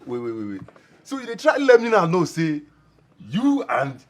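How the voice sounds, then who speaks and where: A man's voice: fairly high pitch, normal speed, noisy background. A teasing young pidgin-talking guy. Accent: Nigerian Pidgin. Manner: joking, teasing, excitable. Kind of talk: film drama acting.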